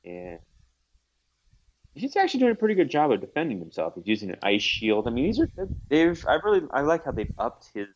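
Co-host retelling comics with lively, expressive delivery; low voice on dull call audio. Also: male voice, a little fast, a little hiss or hum. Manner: animated retelling with acted voices. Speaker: podcast co-host. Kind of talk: casual comic book discussion. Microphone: remote call.

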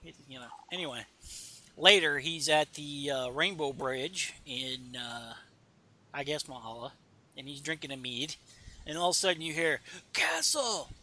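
Podcast host, male, bright sharp timbre, loose rambling delivery with fillers. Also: mid-range voice, moderate pace. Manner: rambling, many fillers, reads dialogue aloud. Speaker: podcast host reading a comic aloud. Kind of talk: casual comic book recap. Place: home.

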